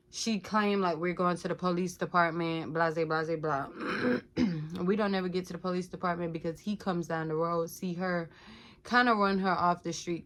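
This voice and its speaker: A woman's voice: on the low side, fairly bright tone. A young woman candidly telling her own life story to her viewers, talking casually with lots of filler words and calling out to them directly. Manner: casual, addresses viewers as "y'all", many "like" fillers.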